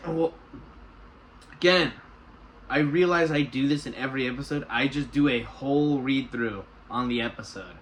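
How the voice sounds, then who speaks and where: A man in his own casual voice, rambling through a recap of a TV episode. He stops and restarts often and slips into quick impressions of the characters. A faint hiss sits under the voice. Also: mid-range voice, fairly bright tone, rough recording. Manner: rambling, restarts a lot, reenacts characters' lines. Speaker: TV episode reviewer.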